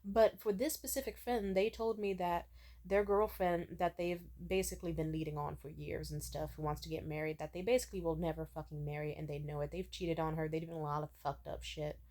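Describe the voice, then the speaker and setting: A young woman talks straight to camera in a loose, rambling storytelling style. Her voice sits a little low for a woman, and she scatters "like" and casual swearing through every sentence as she recounts her dating stories. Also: steady tone, a little fast, dark tone. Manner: chatty, swears freely, mimics people in quotes; many filler "like"s and restarts. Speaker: vlogger.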